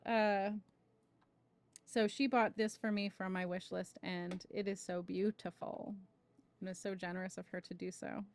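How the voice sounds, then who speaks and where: A woman's voice: mid-range voice, flat delivery, unhurried. A woman hosting a spiritual livestream, talking casually about creativity and greeting viewers by name before a tarot reading. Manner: chatty, greets viewers warmly by name, many "right?" asides.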